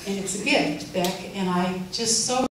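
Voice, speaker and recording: An older woman giving a heartfelt, gently humorous farewell speech at a library event. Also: medium pitch, a little slow. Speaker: farewell speaker. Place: event room. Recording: echoey hall from far off, faint noise.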